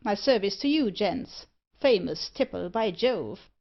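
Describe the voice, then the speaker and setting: A woman's voice: medium pitch, lively intonation, unhurried, vocal fry. A jolly, unbothered rascal who helps himself to food and wine, put on by a woman. The storybook recording sounds muffled and lo-fi. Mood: jovial. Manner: breezy dialect speech. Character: jolly greedy male dog-thief rogue.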